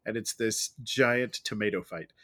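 A man in relaxed conversation who thinks aloud as he goes. He rambles, restarts his sentences and adds asides, in an easygoing tone. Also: lowish voice, unhurried. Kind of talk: casual conversational chat.

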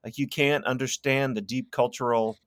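A man co-hosting a casual talk show, telling stories in an animated way and slipping into playful impressions. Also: mid-range voice, normal speed, dry recording, clean studio sound. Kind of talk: casual conversational chat.

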